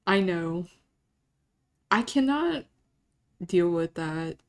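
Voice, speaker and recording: Woman streamer, casual live chat, slightly low voice, rambling and emotional, quick laughs between thoughts. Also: lively intonation. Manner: rambling, emotional, self-interrupting, laughs often.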